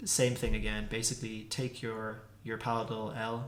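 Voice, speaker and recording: A man teaching a casual pronunciation lesson, repeating consonant sounds slowly to demonstrate them. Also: on the low side, little pitch movement. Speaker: language teacher. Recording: echoey room.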